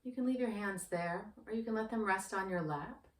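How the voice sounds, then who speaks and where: A woman who works as a yoga therapist, guiding a breathing practice in a slow, gentle, soothing manner. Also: mid-range voice. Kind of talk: guided breathing instruction. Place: indoor room with yoga mat. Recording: roomy, distant from the mic.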